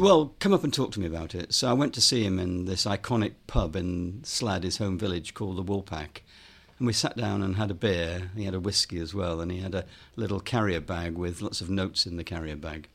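A man's voice: sits low, a little fast, creaky, breathy edge. A man, a filmmaker and author, telling a story in an interview, with lots of ums and quoted dialogue.

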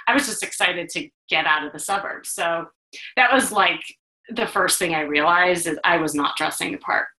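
A middle-aged woman from the Chicago area hosting a podcast, telling a personal story in an animated way and laughing as she goes. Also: lowish voice, normal speed. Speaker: podcast host. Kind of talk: storytelling monologue. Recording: roomy echo.

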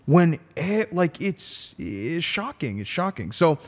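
A man's voice: fairly high pitch, big pitch swings, slow. A man who is a defense attorney, telling a story in a casual podcast chat with emphatic, profane language.

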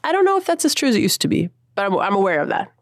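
A woman's voice: mid-range voice, very animated, racing, dry recording, clean studio sound. A woman musician in her thirties, talking casually and thoughtfully in an interview, using slang and laughing often. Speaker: musician guest.

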